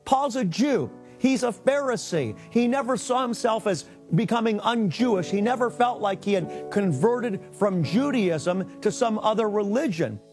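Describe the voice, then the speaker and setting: A man's voice: sits high, expressive, unhurried, hardly any pauses, over music. A man teaching a sermon, reading scripture aloud and explaining it with earnest emphasis. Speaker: rabbi and Bible teacher.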